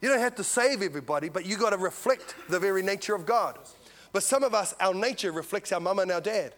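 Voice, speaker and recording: A man preaching a sermon, telling a story and swinging from loud to hushed. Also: sits high, lively intonation, fast. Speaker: visiting preacher.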